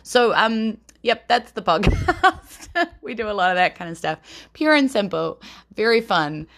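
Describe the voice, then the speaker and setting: Gravelly-voiced New Zealand woman podcaster. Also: medium pitch, very animated, fairly bright tone. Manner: chatty and rambling, quick to laugh. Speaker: podcast host. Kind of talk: casual chat.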